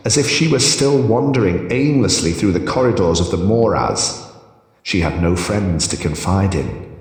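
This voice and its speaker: A man narrating his own scripted fantasy story in a measured, expressive reading. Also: low-pitched. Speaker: narrator and author. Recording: very echoey with long reverb.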